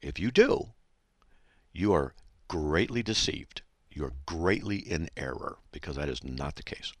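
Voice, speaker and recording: A man's voice: very deep voice, big pitch swings, measured pace, no echo, clean studio sound. A man hosting a Christian radio show and reading listener mail aloud, emphatic and argumentative, with a sarcastic edge. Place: radio studio.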